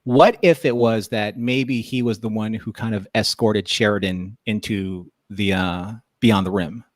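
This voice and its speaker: A man's voice: fairly low pitch, measured pace, dry recording, studio quality. A man co-hosting a podcast, joking around and laughing often in casual chat. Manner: jokey, animated, laughs often. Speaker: podcast co-host.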